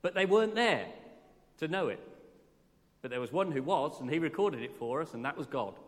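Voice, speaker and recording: During a morning church service, a man preaches a sermon in an earnest, conversational way, often putting questions to the congregation. His voice is a little high and brisk with lively intonation, carried by the long reverb of a church hall.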